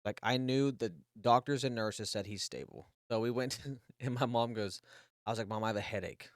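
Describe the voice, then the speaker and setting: A man in his thirties tells a rambling story on a podcast, with frequent swearing and false starts. His voice sits at an ordinary middle pitch. The sound is dry and close, with no room echo. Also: lively intonation, normal speed. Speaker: podcast co-host. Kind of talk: casual storytelling.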